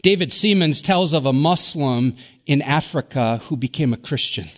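A middle-aged pastor from Wisconsin preaching a sermon, earnest, often sinking to a hushed soft emphasis. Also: male voice, on the high side, lively intonation, moderate pace. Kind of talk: Easter sermon.

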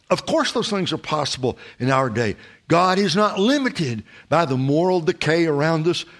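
Male pastor, mid-pitched, measured and emphatic sermon delivery. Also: a bit bright. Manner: measured, emphatic preaching with rhetorical questions.

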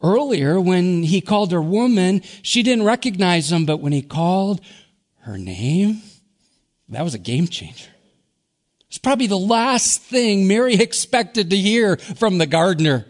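A middle-aged pastor from Wisconsin preaching a sermon, earnest, often sinking to a hushed soft emphasis. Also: male voice, high voice, animated, measured pace. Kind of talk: Easter sermon.

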